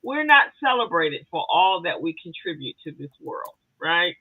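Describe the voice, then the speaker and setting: A woman's voice: fairly low pitch, sing-song, moderate pace, husky, no echo. A woman co-hosting a casual podcast chat, rambling and chatty, with many fillers and restarts. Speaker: co-host. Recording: tinny phone-like dry sound.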